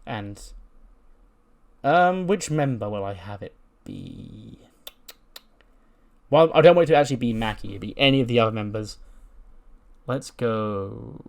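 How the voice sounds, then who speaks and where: A man's voice: fairly low pitch, a little slow, vocal fry, pauses often. A man casually recapping a wrestling sim game, with plenty of fillers and swearing. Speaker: game channel host. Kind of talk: casual let's-play commentary.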